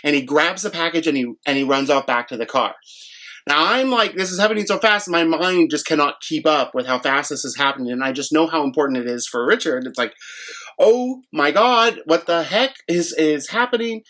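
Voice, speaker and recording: Animated man stumbling through a story. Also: a little high, fast. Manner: animated, stumbling retelling with many restarts. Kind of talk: casual storytelling.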